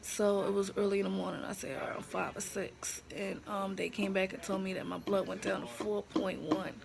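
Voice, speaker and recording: Gravelly-voiced woman vlogging from a hospital room. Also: mid-range voice, steady tone, moderate pace. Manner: frank, emotional, blunt and slangy. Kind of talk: candid personal storytelling to camera. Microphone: handheld phone camera. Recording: noisy room ambience.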